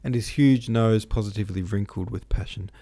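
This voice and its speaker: A man reading a novel aloud as host, in steady, measured narration. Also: lowish voice. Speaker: host and audiobook reader. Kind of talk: scripted narration.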